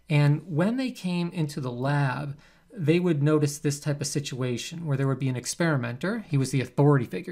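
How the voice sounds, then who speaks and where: A man, a psychology professor, giving a recorded lecture in a conversational, animated way. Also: fairly high pitch. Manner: conversational, animated, acts out quoted subjects.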